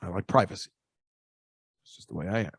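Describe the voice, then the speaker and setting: A man's voice: deep voice, a little fast, breathy edge, dry recording. A man hosting a podcast, telling rambling, jokey stories in a casual chat. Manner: rambling, chatty, jokey asides. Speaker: podcast host. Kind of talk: casual storytelling monologue.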